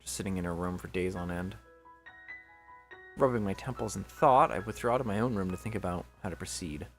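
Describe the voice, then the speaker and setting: A man reading a visual novel aloud as its narrator, expressive and chatty, breaking off into jokey asides. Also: sits low, brisk, faint music behind. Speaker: visual novel reader, channel host.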